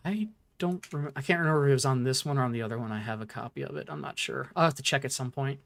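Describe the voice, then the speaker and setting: A laid-back man talks through his gameplay plans at a middle pitch. He chats loosely and jokes with a fellow player as he plays. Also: very fast, gravelly, a bit bright. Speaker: gaming streamer. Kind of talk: casual gameplay commentary.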